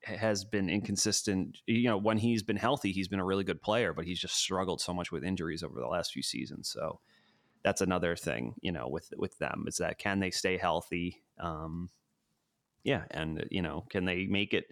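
A New York City man co-hosts a casual sports podcast from his living room, rambling and hedging with plenty of fillers. His voice is low-pitched and a bit bright, at a moderate pace, with a dry, clean studio sound.

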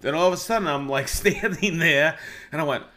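A man telling a near-miss woodworking story on a podcast in a lively, profane, laughing manner. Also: on the high side, fairly quick.

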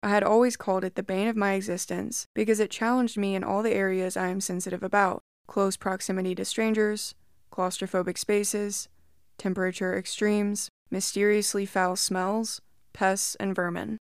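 A woman reads creepy reddit stories aloud in a steady, measured first-person voice. Her tone is smooth and clear at a middle pitch, recorded close and dry. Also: no echo. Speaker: story narrator. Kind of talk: scripted narration of reddit horror stories.

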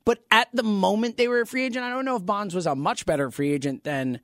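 A man co-hosting a sports podcast, talking casually and jokily, quick to agree and tease. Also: sits high, dry recording, clean studio sound. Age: adult, over thirty. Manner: animated, jokey, quick to agree. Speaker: podcast co-host. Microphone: podcast microphone.

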